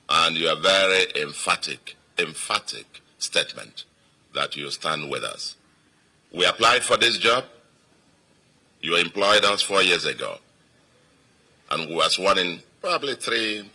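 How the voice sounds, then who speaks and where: A man's voice: a bass voice, pushed and bright, husky. A man with a Nigerian accent, a state governor giving an emphatic victory speech to supporters and repeating phrases for weight.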